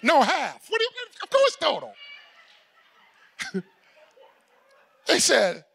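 A man preaching from the pulpit, his voice very high for a man and swinging widely in pitch. His tone is bright and edged with gravel. He tells stories and acts out the people in them, and he shouts out the key points. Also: wildly swooping pitch, takes it slowly. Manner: storytelling preacher acting out dialogue, shouting for emphasis. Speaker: pastor. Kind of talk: sermon.

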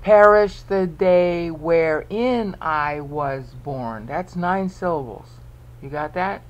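A man's voice: fairly high pitch, poor audio. A man presenting a Bible study video lecture, explaining step by step and often checking in with the listener.

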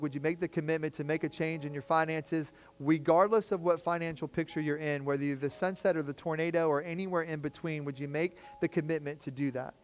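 Male pastor, higher-pitched voice, relaxed storytelling sermon, acts out quotes in conversation. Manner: storytelling with lively acted quotes, casual slang. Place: church.

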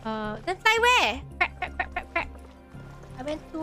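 Woman, streamer, high and lively voice, excitable, frustrated outbursts, clear music behind. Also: a little slow. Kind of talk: casual gaming livestream. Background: game music.

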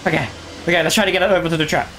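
Excitable man streaming a game. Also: a little high, very fast, a little hiss or hum. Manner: chatty, excitable, talks to himself and the monster. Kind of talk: casual live gameplay commentary.

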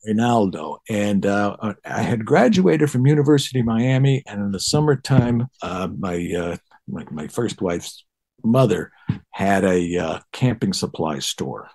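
A middle-aged man from Detroit, a bassist guest in a casual interview, telling stories and acting out past dialogue. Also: unhurried. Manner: animated, acts out past dialogue in higher voice.

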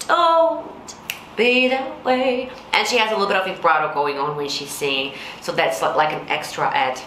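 Contralto vocal coach in an echoey room. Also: female voice, quick pace, pushed and bright, a little hiss or hum. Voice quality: low contralto speaking voice. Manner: explains then sings example lines. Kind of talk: singing tutorial with sung demonstrations. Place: Singapore. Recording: echoey room with faint music.

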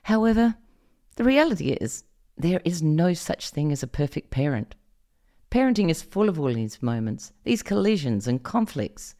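Her low, dark voice is very animated and moves at a normal speed. She is a middle-aged Australian podcast host on a parenting show, giving an expressive scripted monologue and asking listeners direct questions.

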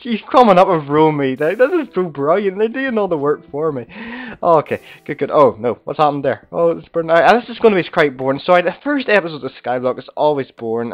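A man hosting a casual game commentary, slightly hoarse from being sick, rambling and chatty as he talks to viewers and fellow players. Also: a little high, lo-fi sound. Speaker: gaming video host.

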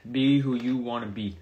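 A young man talks into his phone during a casual livestream. He drifts from one viewer comment to the next in a loose, chatty way, with a voice that sits at an ordinary middle pitch. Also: phone-quality sound. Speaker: streamer answering viewer comments.

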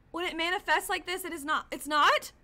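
A woman's voice: very high-pitched, bright, forceful tone. A woman streaming a horror game, commenting live in a jumpy, easily startled way, gasping and swearing.

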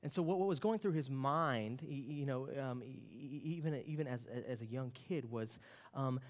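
A man in his late thirties preaching a sermon, telling a family story with an animated, storytelling manner. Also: mid-range voice, a little fast. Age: late 30s. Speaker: pastor. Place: church sanctuary. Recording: long reverb of a church hall.

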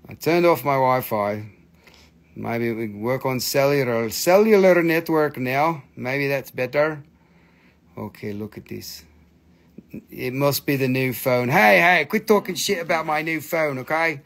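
A man hosting a live crystal sales stream from a phone, excitable, swearing freely and coaxing viewers to buy. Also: medium pitch, unhurried.

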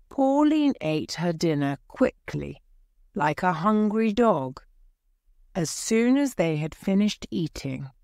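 A woman with a low voice tells a story clearly and slowly, pitched for learners. Her voice is lively in its rise and fall, and the recording is dry and close. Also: no room sound. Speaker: audiobook narrator. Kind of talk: scripted story narration for English learners.

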